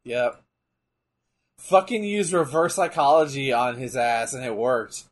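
A man co-hosting a casual watch-along chat, excitable and profane, shouting out his reactions. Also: medium pitch, a little slow. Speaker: co-host.

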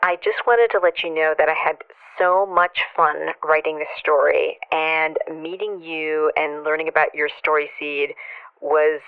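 A woman leaves a casual, encouraging voice message over a tinny phone line. Her voice is low, smooth and resonant, and the recording sounds dry and close. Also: steady tone, a little slow, no room sound. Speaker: author leaving a voice message.

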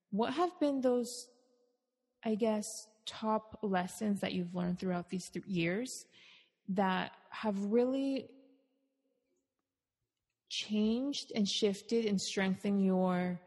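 Woman podcast host, breathy tone, meandering questions, long room reverb. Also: medium pitch, darkish tone. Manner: rambling, restarting questions. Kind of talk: conversational interview.

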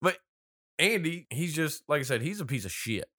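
A man's voice: on the high side, moderate pace. A man in casual chat about a film, swearing often and joking as he retells scenes. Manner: profane, joking, animated storyteller. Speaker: podcast co-host discussing a film.

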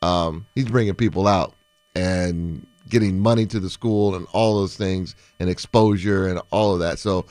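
Man, fairly low voice, dry close sound, steady conversational manner, casual sports talk. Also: normal speed, dry recording. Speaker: former NFL player, show co-host.

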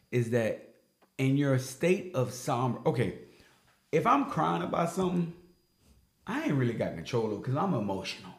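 Animated man in an echoey room. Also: on the high side, normal speed, creaky. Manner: animated, emphatic, slangy. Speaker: sports talk co-host. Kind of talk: casual opinionated sports talk. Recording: roomy echo.

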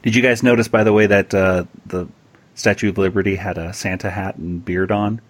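A man co-hosting a podcast episode with a somewhat low, husky voice. He chats loosely and laughs easily, often stopping to restart his sentences. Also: steady tone, fairly quick. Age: adult, past high school. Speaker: podcast host. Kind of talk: casual chat.

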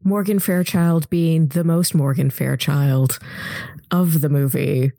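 A woman's voice: low-pitched, steady tone, takes it slowly, gravelly, dark tone, dry recording, studio quality. A woman co-hosting a casual film-review podcast, making wry asides. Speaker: podcast co-host.

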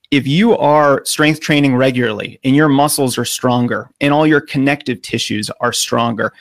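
A man's voice: medium pitch, vocal fry, no room sound, studio quality. A middle-aged American man, a running coach, explaining training earnestly in a podcast interview with frequent filler words. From United States.

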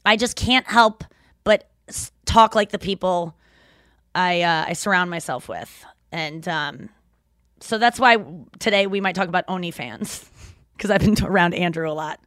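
A woman hosting a podcast in casual chat, rambling and animated, laughing often as she talks. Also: fairly low pitch, moderate pace, no echo, clean studio sound. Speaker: podcast host.

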